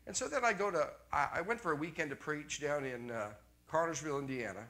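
An older male pastor preaching with an animated delivery. His voice sits fairly high and sounds bright and forceful. He swings between loud exclamations and quiet, soft asides. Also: quick pace. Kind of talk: sermon.

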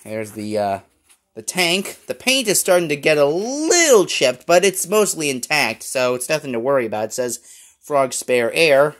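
A man's voice: a little high, very animated, moderate pace, fairly bright tone. A man giving a casual, rambling toy review with many fillers. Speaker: toy collector YouTuber.

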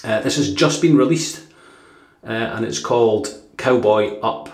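Brief: rambling, easygoing Scottish guy, lowish voice, recorded in a roomy space at home. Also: a little slow. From Dundee, Scotland. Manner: chatty and rambling, with filler words and chuckles. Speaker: shaving vlogger. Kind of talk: casual product review. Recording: echoey room.

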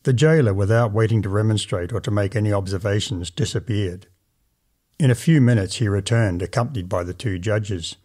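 Mellow-voiced man reading a story aloud. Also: on the low side. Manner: measured, dramatic first-person narration. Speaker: audiobook narrator. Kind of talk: storybook reading of a classic tale.

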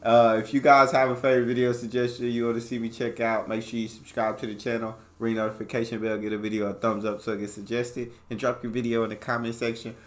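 An American man talking through a clip he is reacting to, slangy and animated as he retells what happens. His voice sits at an everyday middle pitch. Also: quick pace, few pauses. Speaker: reaction video host. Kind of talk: casual reaction commentary.

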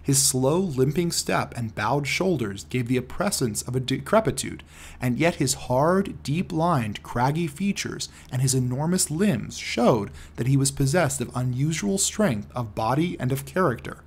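A man narrates a classic detective story with a steady, unhurried reading. His voice is husky and somewhat breathy, sitting in an ordinary middle pitch. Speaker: audiobook narrator.

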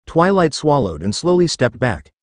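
Animated man narrating a story. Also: a little high, normal speed, no room sound, clean studio sound. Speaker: story reader. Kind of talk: scripted narration of a fan story.

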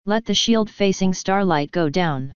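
A woman's voice: mid-range voice, lively intonation, a little slow, clear, resonant tone, no echo, natural voice. A woman voicing a young female pony mage, shaky but determined and pleading, in a slightly dull, dry recording.

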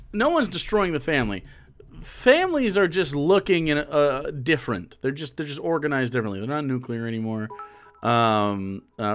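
A man's voice: medium pitch, a bit bright. A man in his thirties streaming live, commenting casually on a video and rambling in an incredulous way with many fillers and restarts.

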